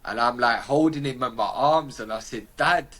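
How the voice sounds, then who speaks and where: Speaking at an ordinary pace in a mid-range, fairly bright voice, this UK man guests on a podcast. He tells a personal anecdote with lively slang, playing out the conversations in his British accent.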